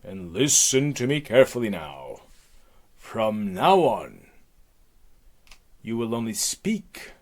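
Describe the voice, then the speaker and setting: A man putting on the voice of a furious goddess queen in a comic myth retelling, with slow, commanding threats. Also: lowish voice, big pitch swings, full character voice. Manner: commanding, loud, drawn-out threats. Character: imperious furious goddess queen, female, adult.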